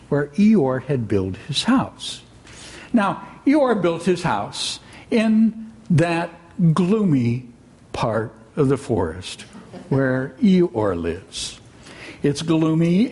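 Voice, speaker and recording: A man retelling a children's story aloud in an expressive, musing, unhurried way. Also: on the high side.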